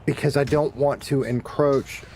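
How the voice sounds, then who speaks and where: A middle-aged man from the Deep South with a Southern US drawl talks loosely to his stream audience as he plays. He rambles and restarts his sentences, and he lets out a curse now and then. His voice sits at an everyday middle pitch. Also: fairly even intonation, unhurried, a little mellow, slight background noise. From Deep South of the United States. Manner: rambling and self-correcting, with bursts of cursing. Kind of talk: casual chat to viewers while gaming.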